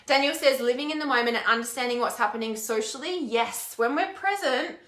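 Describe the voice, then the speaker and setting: A woman with a bright, somewhat high voice chats on a live stream, reading comments aloud and ranting bluntly, swearing freely and repeating words for emphasis. The sound carries a roomy echo. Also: brisk. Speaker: intuitive healer and mentor hosting a live stream.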